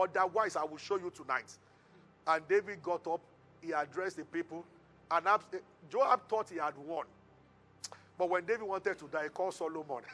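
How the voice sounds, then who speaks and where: Male preacher, storytelling sermon, high and bright, soft music bed. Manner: storytelling preacher, animated retelling with call-and-response. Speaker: pastor.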